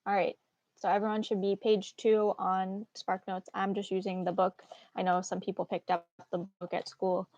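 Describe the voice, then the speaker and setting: A woman's voice: medium pitch, little pitch movement, moderate pace, a little mellow, no room sound, dull audio. A woman teaching a live online literature class in a casual, encouraging way, with frequent fillers. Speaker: English teacher.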